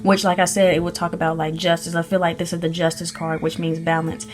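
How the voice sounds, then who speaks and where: A woman's voice: fairly low pitch, level tone, quick pace. A woman giving a casual tarot reading, gushing and chatty, with many ums and restarts. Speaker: spirit baby medium giving a tarot reading.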